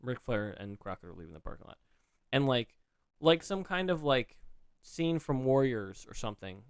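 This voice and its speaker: A man at a middle pitch with a smooth, clean voice, chatting casually on a podcast. He rambles through a recap, restarting sentences and leaning on fillers as he goes. The sound is dry and close, with no room around it. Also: sing-song, moderate pace, no room sound. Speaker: podcast co-host. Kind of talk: casual chat.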